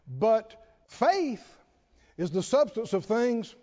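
A man preaching in a very high, lively voice, spinning funny stories and drawing replies from the pews. The sound is dull and muffled, with a long reverb from the church sanctuary. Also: slow pace. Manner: animated storytelling with humor, calls for congregation responses. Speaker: pastor. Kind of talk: sermon.

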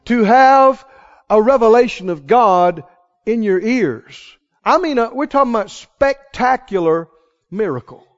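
Impassioned high-voiced preacher, echoing hall. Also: male voice, lively intonation, a little slow. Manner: impassioned, rhetorical questions, sudden swings from hushed to loud. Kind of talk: sermon. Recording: reverberant hall, muffled sound.

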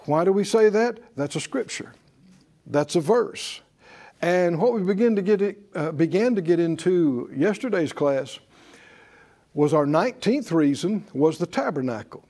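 A man's voice: high voice, expressive, a little slow, mellow. A man teaching a Bible class in sermon style, folksy, with chuckles and rhetorical questions. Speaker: preacher and teacher.

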